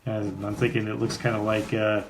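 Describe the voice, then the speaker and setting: A man co-hosting a podcast, explaining comics in a relaxed, meandering way. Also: fairly low pitch, brisk, distant mic. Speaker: podcast co-host. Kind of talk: casual chat about comics. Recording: roomy room, faint noise.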